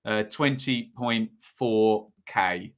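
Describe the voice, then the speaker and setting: A man's voice: on the low side, drawn-out words. A man hosting a live football watchalong stream, chatting casually and rambling, with lots of ums and self-corrections. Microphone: phone or desk mic at a home setup.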